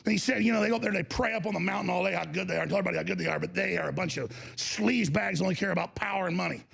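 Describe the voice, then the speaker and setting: A male talk show host delivering an angry, profane broadcast tirade, shouting often. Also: high voice, rapid-fire, vocal fry, breathy edge. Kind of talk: ranting broadcast monologue.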